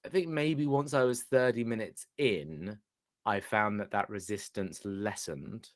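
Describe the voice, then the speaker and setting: A man's voice: lowish voice, measured pace, no echo, studio quality. A man co-hosting a podcast, talking in a loose, hesitant way with lots of "like" and "kind of". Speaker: podcast co-host reviewing films. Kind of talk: casual chat.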